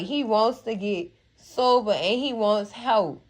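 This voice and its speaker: A woman's voice: a little high, slow pace. A woman hosting a casual TV recap, chatty and heartfelt, calling her viewers cousins and girl. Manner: heartfelt, moved to tears at times. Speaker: TV recap channel host. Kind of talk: casual TV episode recap and review.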